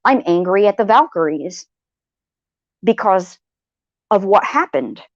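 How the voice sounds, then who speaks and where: A woman's voice: medium pitch, sing-song, unhurried, no echo, highs cut off. Heated, blunt woman venting on a livestream. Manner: heated, blunt, swears freely, repeats phrases. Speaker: livestream host. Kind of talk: venting personal story to viewers.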